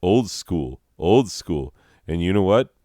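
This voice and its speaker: A man with a very low voice and an unhurried delivery rambles through a profane, mock-ranting comedy monologue. The sound is close and dry, with no room around it. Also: sing-song, dark tone, no echo. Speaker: podcast host.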